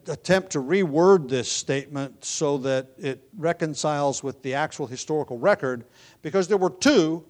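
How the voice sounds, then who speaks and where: A man giving an expository sermon, teaching in a measured, explanatory way with occasional restarts. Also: on the high side, a little mellow. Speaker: preacher.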